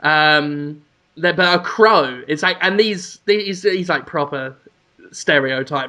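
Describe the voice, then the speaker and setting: A man's voice: a little high, slow pace, pushed and bright. A man from the United Kingdom co-hosting a podcast, telling a rambling story in a wry, casual way. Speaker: podcast co-host. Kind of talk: casual chat.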